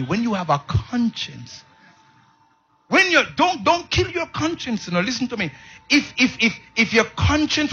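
A high, bright, slightly husky male preacher delivers a call-and-response sermon, shouting one moment and dropping to soft asides the next, often stumbling over repeated words. The recording is dull and lo-fi. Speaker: pastor.

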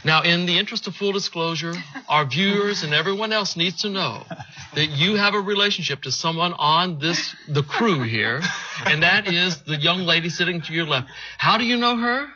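A man's voice: high voice, moderate pace, muffled recording, background noise. A man hosting a television talk show, introducing topics and guests in an upbeat, friendly, conversational way.

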